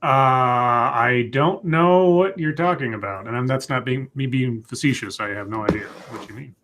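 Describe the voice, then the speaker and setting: Man co-host, mid-pitched voice, sore-headed after a migraine, dry laid-back banter in casual stream chat. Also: moderate pace, fairly bright tone.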